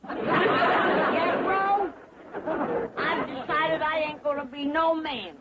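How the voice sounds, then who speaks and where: An actress playing a feisty, cantankerous old backwoods granny with a drawl, scolding and folksy, in 1960s sitcom style. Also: female voice, sits high, takes it slowly, a loud crowd, heavy background noise. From Ozark Mountains, Missouri. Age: older. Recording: 1960s TV sound with laugh track.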